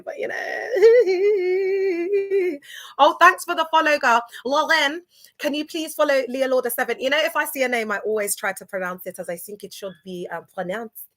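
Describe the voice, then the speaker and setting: A woman with a bright, ringing voice, sitting a touch high, closes out her live stream in a chatty, affectionate way, talking straight to her viewers. She speaks into a phone held close. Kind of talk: casual live-stream sign-off.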